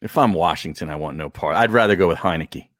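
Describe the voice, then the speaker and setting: A man co-hosting a casual sports talk show, lively and quick to laugh, egging the others on. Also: sits low, no echo, studio quality.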